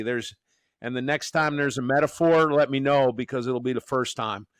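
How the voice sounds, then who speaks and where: A man's voice: medium pitch, steady tone, normal speed, dry recording. A man from the Northeastern US hosting a podcast as a professor, joking and rambling with many restarts. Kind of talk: casual podcast chat.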